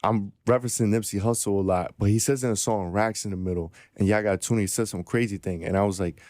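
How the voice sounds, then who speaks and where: A man's voice: lowish voice, steady tone, quick pace, a little mellow, no echo, clean studio sound. A man talking casually on a podcast in a laid-back, slangy way.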